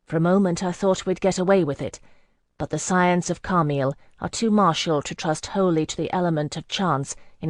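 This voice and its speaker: Fantasy audiobook reader, measured first-person storytelling, mid-pitched, dead-dry booth sound. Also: no room sound. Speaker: audiobook narrator.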